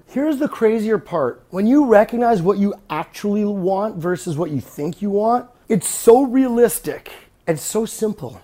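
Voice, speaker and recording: A man's voice: high-pitched, dark tone. A man hosting a casual monologue podcast, blunt and profane, often slipping into mock voices. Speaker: podcast host.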